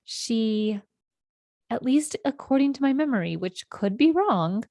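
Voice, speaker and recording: A woman in her forties from California, the host of a podcast, telling childhood stories in a meandering, reflective way with gentle self-corrections. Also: a little high, animated, a little slow, no room sound. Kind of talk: reflective personal storytelling.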